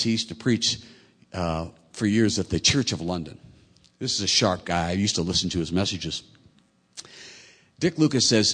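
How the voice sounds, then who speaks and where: A husky male pastor preaching a conversational sermon in a large hall with a long echo. His pitch moves a lot as he asks rhetorical questions and eases back down. The voice is slightly breathy. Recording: echoey hall.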